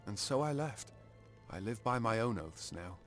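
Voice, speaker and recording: A man's voice: lowish voice, animated, moderate pace, faint music behind. An actor playing a gold-seeking male mercenary warrior in a video game, with a posh British accent and a polished, matter-of-fact delivery.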